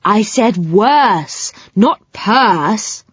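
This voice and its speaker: A gentle fairy girl, as a woman narrator reads her who calms others down in an even, soft-spoken way. The sound is dry and a little dull. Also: lowish voice, slow, dry recording. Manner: calm, soothing. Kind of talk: children's audiobook reading. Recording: slightly muffled, dry sound.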